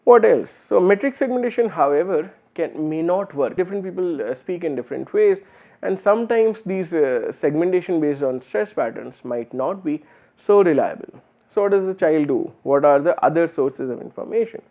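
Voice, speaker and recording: Male lecturer with an Indian English accent, slightly high voice, explanatory and full of fillers; narrow, phone-like recording. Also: expressive, moderate pace. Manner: explanatory, uses many fillers and restarts. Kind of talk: university lecture.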